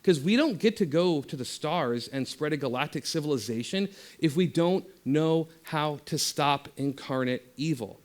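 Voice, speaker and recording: A man speaking as guest speaker at a spiritual center, giving an impassioned talk that swings from loud exhortation to soft meditation guidance. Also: fairly high pitch, expressive, normal speed.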